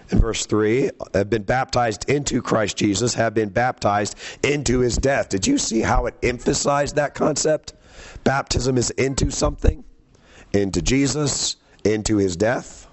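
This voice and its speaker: A man preaching a sermon, teaching from scripture in a conversational way and quizzing his listeners with questions. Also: mid-range voice.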